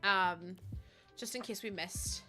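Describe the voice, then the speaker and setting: A woman's voice: mid-range voice, slow, over music. A young woman chatting casually on a game livestream, rambling and answering her chat. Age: young adult.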